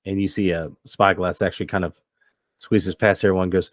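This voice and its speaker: A man as game master, narrating a tabletop role-playing game in a relaxed, descriptive way. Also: low-pitched, brisk, no echo. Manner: relaxed, descriptive, loose with fillers.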